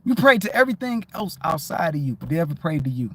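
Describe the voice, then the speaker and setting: Animated high-voiced man on a livestream. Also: fast, breathy edge. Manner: animated, profane, keeps asking "you know what I'm saying". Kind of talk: casual spiritual monologue.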